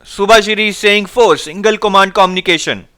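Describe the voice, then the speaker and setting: A man's voice: high-pitched, brisk, pushed and bright, smooth. A man teaching a live online exam-prep class, reading out viewers' answers and energetically urging them to respond.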